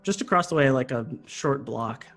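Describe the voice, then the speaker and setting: A man's voice: medium pitch, normal speed, fairly bright tone, soft background music. Rambling man running a tabletop game. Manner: rambling, full of fillers and likes. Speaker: game master.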